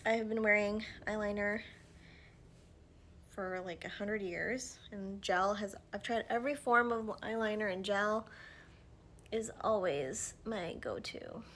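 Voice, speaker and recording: Woman in her thirties, chatty, lots of fillers, slightly breathless, mid-pitched voice, faint room hiss. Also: measured pace. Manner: chatty, filler-heavy, drops to soft asides while applying makeup. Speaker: vlogger. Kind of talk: casual get-ready-with-me chat. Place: at home, indoors.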